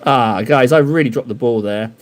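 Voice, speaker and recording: A man's voice: medium pitch, moderate pace. A man streaming live while painting miniatures, chatting casually and joking in a rambling, self-deprecating way with his viewers. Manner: rambling, joking banter with chat.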